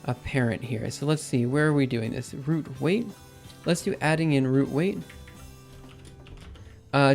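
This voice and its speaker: A man's voice: a little high, vocal fry, darkish tone. Young man live coding, thinking aloud. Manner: thinks aloud with many fillers and self-corrections. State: losing his voice. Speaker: livestreaming programmer. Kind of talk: casual live coding commentary.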